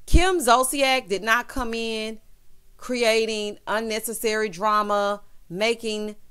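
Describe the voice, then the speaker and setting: A woman with a Southern accent talks through a reality show episode in a loose, gossipy recap style. She is sassy and theatrical, often calling people "honey" and "child." Her voice jumps between loud, emphatic bursts and quieter, knowing asides. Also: steady tone, slow pace, clean tone. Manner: sassy, dramatic, keeps saying honey and child; swings between loud outbursts and low asides. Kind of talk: casual recap commentary.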